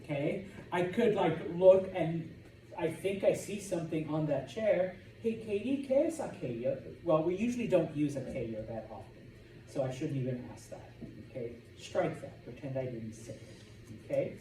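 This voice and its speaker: Male language teacher, mellow voice, classroom lecture, distant mic with light room noise. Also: on the high side, normal speed. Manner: lively, repeats "okay?" to check understanding. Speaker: Spanish teacher. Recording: echoey classroom from far off.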